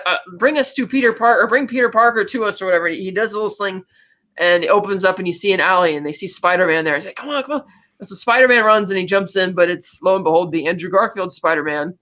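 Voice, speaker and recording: A high, bright-voiced man who talks fast and rattles through a movie plot in a casual review chat, slipping into quick impressions of the characters as he goes. The sound is dull and lo-fi. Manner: rapid plot recap acting out characters' lines. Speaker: podcast co-host.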